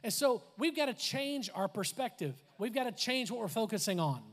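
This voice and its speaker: A man with a high voice preaches in a lively, conversational way. He laughs, adds asides and acts out quoted voices as he speaks. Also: moderate pace. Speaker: pastor. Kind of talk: sermon.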